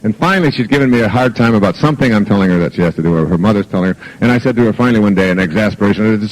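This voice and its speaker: A man's voice: fairly low pitch, rapid-fire, few pauses, poor audio. A middle-aged man delivers a self-help talk to a live audience. He tells jokey personal anecdotes and acts out the lines of the people in them. The sound comes from an old archive recording.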